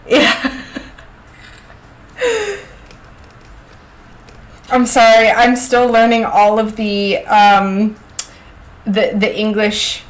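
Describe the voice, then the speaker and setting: A woman's voice: fairly high pitch, a bit bright. A woman hosting a casual craft livestream, chatting with viewers and laughing often as she works. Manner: chatty, reads chat aloud, laughs often. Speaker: livestream host. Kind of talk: casual chat while crafting.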